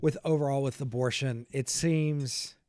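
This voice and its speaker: A man's voice: mid-range voice, steady tone, a little slow, darkish tone, dry recording. Guy hosting a podcast, laughs a lot, restarts sentences, dry close mic. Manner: laughs often, thinks aloud with restarts. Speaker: podcast host. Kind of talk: casual podcast conversation.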